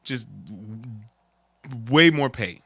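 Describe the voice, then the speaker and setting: A man's voice: medium pitch, lively intonation, slow pace, a bit bright, no echo. A man who served in the Army, co-hosting a casual chat in an emphatic, slangy way. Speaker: podcast co-host, Army veteran.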